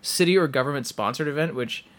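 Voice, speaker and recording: A man's voice: fairly high pitch, fast, a bit bright. A man from Canada co-hosting a podcast in casual chat, rambling with fillers and laughing often. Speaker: podcast co-host.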